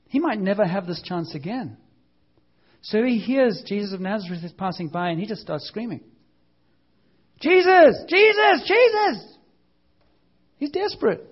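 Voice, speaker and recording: A man preaching a lively, conversational sermon, acting out voices and now and then shouting. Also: high voice, lo-fi sound.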